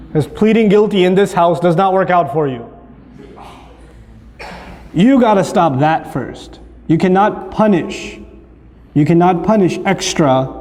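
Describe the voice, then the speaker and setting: A man giving a humorous talk on parenting, lively and acting out family scenes. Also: high-pitched. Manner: animated, acts out family scenes. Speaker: speaker. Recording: long hall reverb.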